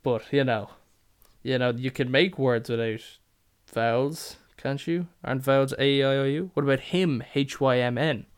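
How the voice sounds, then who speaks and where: A man's voice: medium pitch, normal speed, clean tone. A young man telling comic stories from work in a sweary, rambling way. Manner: sweary, rambling, deadpan asides. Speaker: podcast host. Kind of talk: casual comic storytelling.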